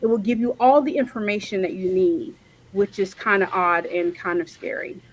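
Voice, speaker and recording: A woman on a panel, talking casually with many pauses and self-corrections, over a video call. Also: mid-range voice, rough recording. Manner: hesitant, lots of um and self-corrections.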